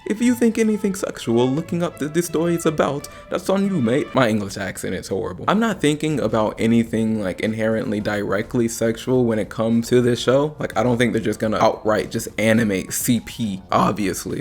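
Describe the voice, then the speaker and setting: A young man gives casual, sarcastic reaction commentary straight to the camera. His voice sits in a middle range and gets animated as he goes. He laughs often between his remarks. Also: mid-range voice. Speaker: YouTuber. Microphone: facing the camera.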